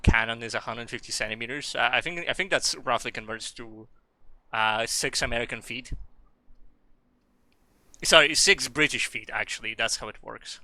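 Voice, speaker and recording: Bright-voiced joking male game streamer. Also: mid-range voice, normal speed, no echo. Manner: rambling, jokey, profane, with loud excited bursts. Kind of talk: casual live gameplay commentary.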